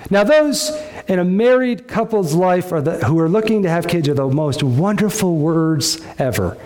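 High-voiced, animated male preacher. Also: normal speed. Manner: storytelling with sudden swings in pitch and pace, emphatic. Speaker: pastor. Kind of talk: sermon.

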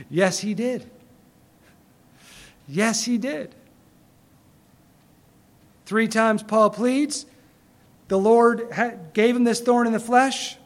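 A man preaching a sermon, building to emphatic bursts and dropping to quiet pauses. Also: extremely high pitch. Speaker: pastor.

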